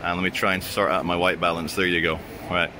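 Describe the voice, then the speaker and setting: A man's voice: low-pitched, level tone, fast talker, noisy background. A man with a sardonic, crude, ranting manner, vlogging as he walks through an indoor shopping centre, recorded on a handheld camera. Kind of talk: walking vlog with sardonic commentary.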